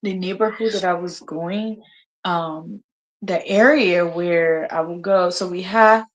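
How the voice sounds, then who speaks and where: A woman's voice: fairly low pitch, takes it slowly, lo-fi sound. A woman in her thirties hosting a casual live chat, telling a story with laughter and acted-out quotes. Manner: animated, laughing, acts out quotes. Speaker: host.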